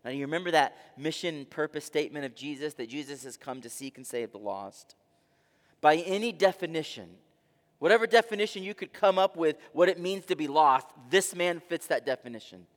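Man, pastor, dramatic sermon, rhetorical questions, soft to loud swings, high voice. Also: expressive, fairly quick. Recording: long reverb of a large hall.

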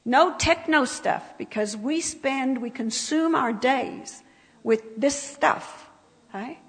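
A woman preaches at an unhurried pace, her voice croaky and gravelly with fry. She talks with the congregation in a conversational way, tossing them asides as she goes. The long reverb of a church hall rings around her words. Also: sits high. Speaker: speaker at a church service. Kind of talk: sermon.

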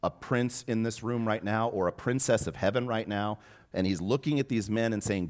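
A man preaching a sermon as pastor, telling a personal story and rising from hushed, tender moments to loud, impassioned appeals. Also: lowish voice, moderate pace.

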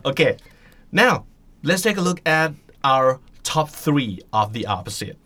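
A man hosting a casual podcast chat, reading out list items and switching quickly into commentary. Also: fairly high pitch, sing-song, pushed and bright. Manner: very fast-talking, reads out list items. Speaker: host.

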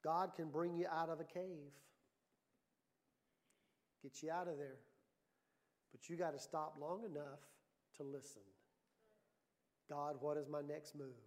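A middle-aged male pastor delivers a sermon in a high-pitched voice. He tells stories with an animated lilt and swells into loud, emphatic lines. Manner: animated storytelling preacher, rising to loud emphasis.

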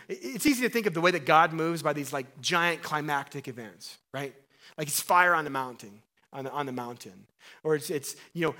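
A man preaching a sermon in an earnest, conversational way, rising to emphatic bursts and dropping to quiet asides. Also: a little high. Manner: restarts and fillers, conversational. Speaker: pastor.

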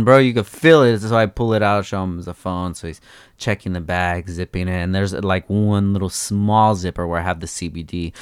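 A man telling a story in casual chat, animated and profane, acting out both sides in raised voices. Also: low-pitched, smooth, no room sound, studio quality.

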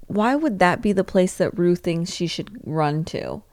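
A woman's voice: fairly low pitch, animated, a little slow, darkish tone, dry recording. A young woman co-hosting a podcast, chatting casually with blunt, slangy, exasperated remarks. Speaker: podcast co-host. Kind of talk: casual chat.

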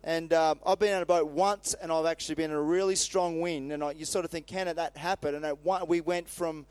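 A man preaching in a casual, lively way, retelling a Bible story with laughs, asides and acted-out lines. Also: fairly high pitch, a little fast, clear, resonant tone. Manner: animated, acts out voices with laughs and asides.

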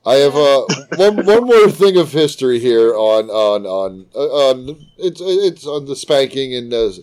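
A man's voice: mid-range voice, sing-song, unhurried, a little mellow. A man hosting a podcast, chatting casually and reading notes, often stumbling and repeating words. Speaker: podcast host.

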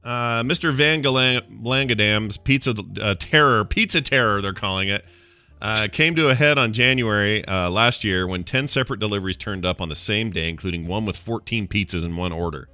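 A man hosting a podcast in casual banter, animated and quick to laugh, reading odd news stories aloud. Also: on the low side, clean tone, no room sound. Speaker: podcast host.

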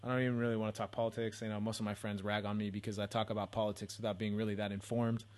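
A man's voice: fairly low pitch, level tone, rapid-fire, darkish tone. A young man hosting a solo podcast from home, rambling and swearing in a casual, self-deprecating rant. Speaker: podcast host.

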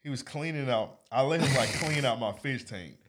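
A man's voice: medium pitch, normal speed, background noise. A man co-hosting a podcast, telling funny stories in casual chat and acting out the people he quotes. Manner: animated storyteller, acts out quotes. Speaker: podcast co-host.

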